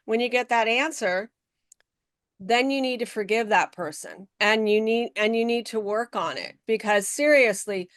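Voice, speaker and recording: A woman guest on a podcast interview, telling stories in an animated way and acting out the people she quotes, speaking from her office. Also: on the high side, normal speed, no echo, clean studio sound. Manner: animated storytelling, acts out quoted voices.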